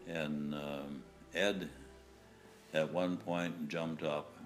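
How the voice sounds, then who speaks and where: An older man, a war veteran from the United States, recounting wartime memories in a halting way, with restarts and small chuckles. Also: very deep voice, little pitch movement, faint music behind. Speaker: WW2 veteran interviewee.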